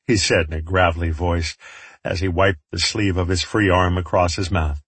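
A man narrates a first-person audiobook in a low, very husky voice. His delivery is wry and reflective, and the close, dry recording has no room sound. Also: steady tone, normal speed, fairly bright tone, no echo.

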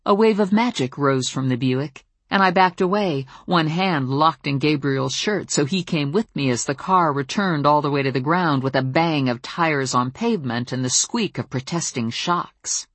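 A woman narrating a first-person audiobook in an even, wry storytelling tone. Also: low-pitched, normal speed, hardly any pauses, no echo.

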